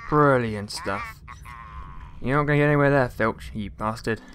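A man's voice: mid-range voice, normal speed, a bit bright. A man giving casual gameplay commentary, rambling along with jokey, mock-outraged asides and mild swearing. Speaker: let's play gamer.

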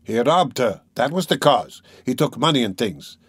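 A man reading an audiobook, voicing a smooth, manipulative gentleman who talks in a measured, insinuating way with small hesitations. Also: mid-range voice, expressive, no echo.

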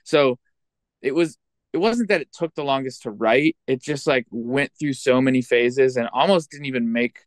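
A man's voice: mid-range voice, moderate pace, dry recording. Candid self-deprecating man, dry sound. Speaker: guest musician. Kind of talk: casual interview chat.

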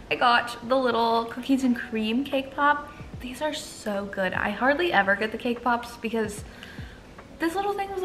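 Bright-voiced chatty young woman vlogging. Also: fairly high pitch, slight background noise. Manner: chatty, emotional, laughs often. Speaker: book vlogger. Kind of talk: casual vlog chat.

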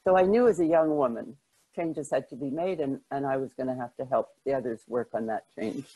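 An older woman, a journalist, answers interview questions with lively anecdotes, stumbling restarts and self-deprecating laughter. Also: very deep voice, a little fast, slightly rough, poor audio. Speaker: guest, journalist.

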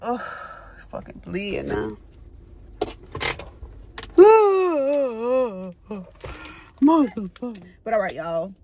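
Young woman vlogging on her phone, kinda high voice, slangy and chatty, says y'all a lot, little bit of noise behind. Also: extremely slow, long pauses. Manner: slangy, animated and chatty, addresses viewers as y'all. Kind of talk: casual vlog to camera.

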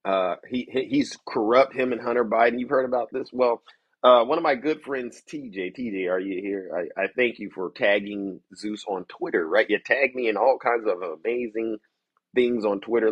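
A man's voice: lowish voice, moderate pace, husky, no room sound, dull audio. A man hosting a political commentary show, ranting to his viewers in a theatrical, mocking showman manner. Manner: theatrical, mocking, showman-like, keeps saying "ladies and gentlemen".

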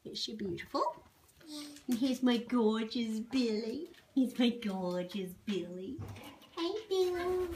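A woman's voice: on the high side, animated, takes it slowly. A woman filming her pet parrots at home, cooing at them in sing-song baby talk and repeating their pet names. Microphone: handheld camera. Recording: loud parrot noise behind. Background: parrots squawking.

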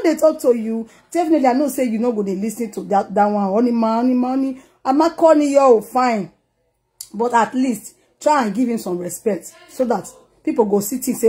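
A woman's voice: on the high side, fairly quick, mellow. A Nigerian woman vlogger and singer, teasing and scolding someone directly to camera in a casual way. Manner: teasing, scolding, mixes pidgin and mock sympathy.

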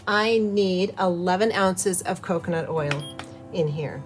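A woman's voice: fairly low pitch, measured pace, over loud music. Cheerful chatty woman teaching a craft. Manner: cheerful and chatty, with soft laughs. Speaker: host of a soap-making channel. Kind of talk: craft tutorial, talking through steps.

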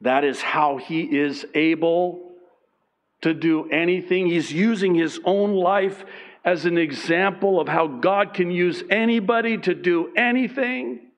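A man preaching a sermon as pastor, emphatic and swinging between loud and hushed. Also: high-pitched, measured pace.

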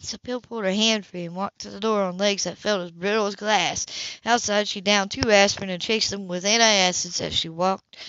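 A woman reading a novel aloud in an even, steady way. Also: on the low side, no echo. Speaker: audiobook reader. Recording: dull lo-fi home recording.

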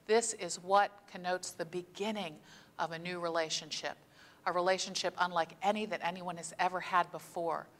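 A woman pastor giving a sermon in a conversational storytelling way, slowing down to stress key phrases. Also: fairly low pitch, a bit bright. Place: church sanctuary. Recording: long church reverb.

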